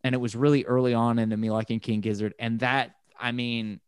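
A man talking casually about music, rambling and swearing, and he gets animated when excited. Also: mid-range voice, a little fast, clean tone, no room sound, clean studio sound.

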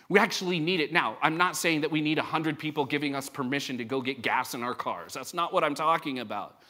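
A man preaching a sermon to his congregation, lively and acting out the voices he quotes. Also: on the high side. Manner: animated, acts out quoted voices. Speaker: pastor. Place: church service before a congregation.

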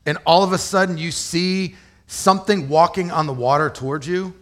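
A man's voice: fairly high pitch, steady tone, normal speed, fairly bright tone. A man preaching a sermon as pastor, explaining scripture in a conversational way and asking rhetorical questions.

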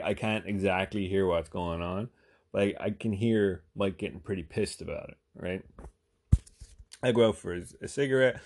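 A man's voice: on the low side, a little mellow. A man telling a long casual anecdote, rambling and swearing with lots of fillers. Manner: rambling, profane, full of fillers. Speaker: storyteller.

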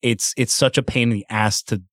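A man's voice: medium pitch, brisk, no echo, clean studio sound. A man in casual podcast chat, swearing freely and slipping into mocking impressions as he talks about online games. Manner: profane, animated storytelling with mocking impressions.

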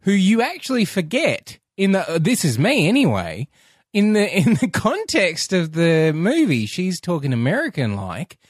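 A man's voice: sits high, moderate pace, dry recording, clean studio sound. A man co-hosting a film podcast, chatting casually and playfully, now and then slipping into mock voices. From Australia. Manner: animated, playful, breaks into mock Australian voices. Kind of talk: casual chat.

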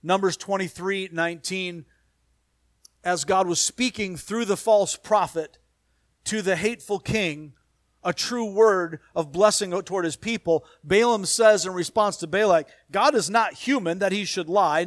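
Brief: male pastor preaching, slightly high voice, close and dry, emphatic repeated phrases with soft asides. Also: a little slow, no echo. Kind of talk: sermon.

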